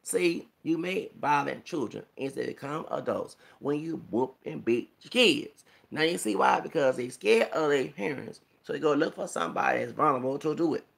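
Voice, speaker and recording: A man's voice: fairly high pitch, expressive, normal speed, creaky, hardly any pauses, fairly bright tone. A man vlogging a rambling, emphatic commentary monologue, preachy and quoting scripture, punctuated with rhetorical "okay?" and "hello!".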